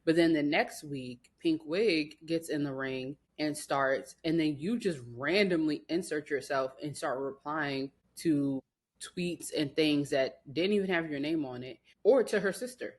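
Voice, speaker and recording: A woman's voice: sits low, measured pace. A woman co-hosting a podcast in casual gossip chat, sassy and incredulous, cursing freely. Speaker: podcast co-host.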